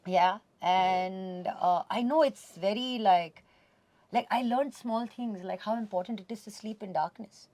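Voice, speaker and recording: An expressive woman from India chats as an interview guest, tossing Hindi words into her English. Her voice sits at an ordinary middle pitch. The studio sound is close and dry. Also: measured pace, no room sound. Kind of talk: casual conversational interview. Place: radio studio.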